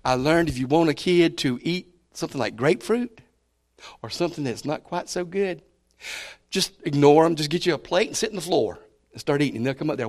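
Folksy preacher, a bit high. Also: male voice, animated, brisk. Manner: folksy, repeats key words, shifts loud to soft. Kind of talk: sermon.

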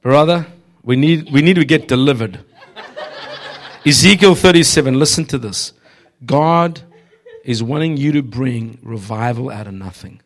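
Speaking at a normal speed with long pauses, this man has a mid-range voice. As a visiting preacher, he gives a church congregation a humorous, prophetic sermon, exhorting them, speaking to them directly, and laughing frequently.

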